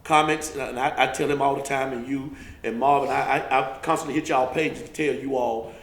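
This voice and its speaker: A man guesting on a comedy podcast, emphatic and repetitive, breaking into loud laughing outbursts. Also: medium pitch, fairly even intonation, a little fast, reverberant. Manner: emphatic, repeats himself, breaks into laughing shouts. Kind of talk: casual comedy podcast banter.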